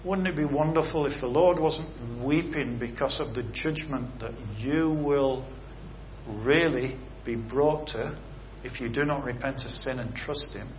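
A medium-pitched man, speaking a little slowly, gives an earnest sermon that turns into a closing prayer. He stresses points with rhetorical questions and shifting emphasis, and the recording is a bit dull with a faint hiss.

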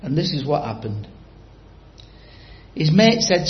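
A man's voice: fairly high pitch, big pitch swings, slow pace, reverberant, highs cut off. A man preaching a sermon, telling a story and quizzing the congregation directly.

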